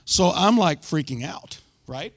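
A man giving a sermon testimony to a church group, telling his story with loud bursts and sudden hushed asides. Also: a little high, animated, unhurried, dry recording.

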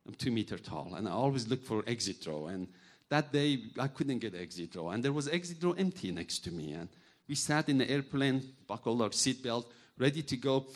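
A man's voice: medium pitch, a little fast, hardly any pauses. Man preaching. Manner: animated storytelling, acts out voices, non-native grammar. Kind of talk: sermon with personal stories.

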